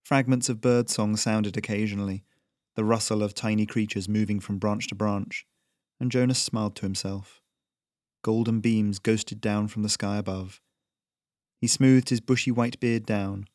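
Low voiced guy reading a story slow and steady, dead dry sound. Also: no room sound. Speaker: narrator. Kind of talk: scripted storybook narration.

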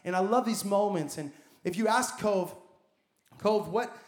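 In an echoey church hall, a high-voiced man preaches at a moderate pace as pastor, emphatic and using repeated phrases to build his points.

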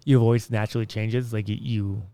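A man chats on his podcast, rambling through stories in an upbeat, friendly way. His voice is crisp and smooth, recorded close on a mic in a dry room with no echo. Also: lowish voice, steady tone, a little fast, mellow. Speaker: podcast host. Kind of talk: casual podcast chat.

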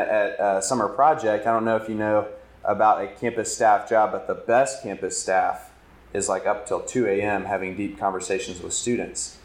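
A man in his thirties tells a personal story from the stage in a candid, self-deprecating way. His voice sits on the low side, and the hall around him gives it a clear echo. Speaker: campus ministry speaker. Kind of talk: conference talk. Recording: echoey hall.

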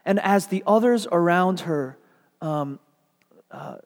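Male pastor, sermon, dramatic storytelling, slightly high voice, long echo in a church hall. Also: animated, takes it slowly.

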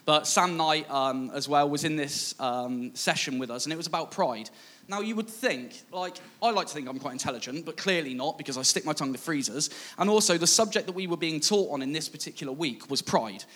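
A man's voice: fairly high pitch, expressive, a little fast, a bit bright. A man preaching a sermon, in a conversational, self-mocking way that acts out past dialogue. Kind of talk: sermon with personal storytelling.

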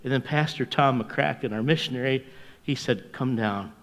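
An older man preaching as a pastor, telling stories in a folksy, chuckling way and dropping to a hushed voice at tender moments. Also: medium pitch, normal speed, in a large hall. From North America. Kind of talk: storytelling sermon.

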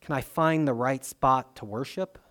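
A man preaching a sermon in a conversational way, with swings in loudness and frequent fillers and restarts. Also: mid-range voice, moderate pace. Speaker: pastor.

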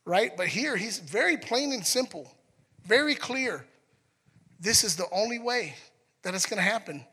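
A man preaching a sermon in a conversational, animated way, acting out scenes as he goes. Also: high-pitched, normal speed, husky, in a large hall. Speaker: pastor.

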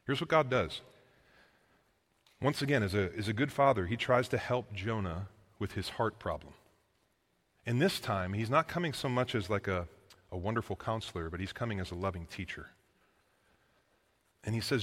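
Animated casual male preacher. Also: lowish voice, normal speed, pauses often. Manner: animated, casual slang, emphatic. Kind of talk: sermon. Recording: long echoing reverb.

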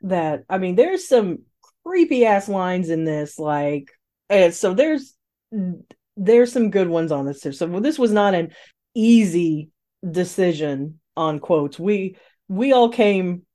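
Mellow-voiced woman hosting a podcast. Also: on the low side, sing-song, slow. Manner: hesitant, searching for words. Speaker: podcast host. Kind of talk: casual podcast chat.

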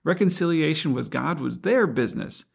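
Man with a gravelly voice preaching. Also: on the high side, lively intonation, moderate pace. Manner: earnest, reflective, asks rhetorical questions. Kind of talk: sermon.

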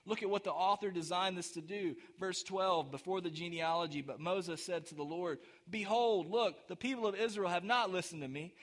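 A pastor delivers a sermon in a high-pitched male voice. He talks to the congregation in an easy, conversational way, asking them questions along the way. Then he climbs into emphatic, rising declarations. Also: normal speed, few pauses. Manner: dynamic preaching, rising to emphatic peaks.

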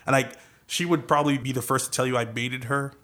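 A man's voice: medium pitch, fairly even intonation, quick pace, a bit bright. A young man from Trinidad and Tobago who speaks with an American accent, co-hosting a podcast and telling a story in a wry, self-deprecating way. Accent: American, Trinidadian roots. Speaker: podcast co-host. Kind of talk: casual chat.

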